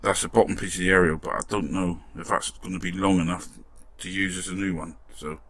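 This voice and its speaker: Man, deep gravelly voice, casual workshop commentary, mutters and swears mildly as he works. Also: steady tone, a little fast, fairly bright tone, a little hiss or hum. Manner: chatty, muttering while working, mild swearing. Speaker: model restoration vlogger.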